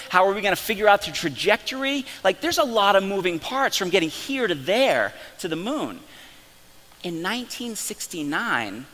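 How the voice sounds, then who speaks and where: A man presenting at a company conference session, telling stories in an animated way with frequent restarts. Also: on the high side, big-room sound. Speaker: company science officer presenting. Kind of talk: live conference talk. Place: conference breakout hall.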